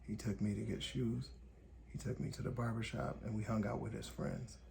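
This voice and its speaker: Podcast host guy, low flat gravelly voice, slow and thoughtful, telling his own story. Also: slight background noise. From Gary, Indiana, USA. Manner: calm, deliberate, in short measured phrases. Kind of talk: reflective personal storytelling monologue.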